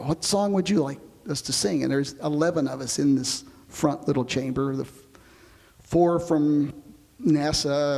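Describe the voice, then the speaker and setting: Gravelly man telling space stories. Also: medium pitch, big-room sound. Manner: relaxed storytelling, explains with comparisons. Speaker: astronaut interviewee. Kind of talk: oral history interview.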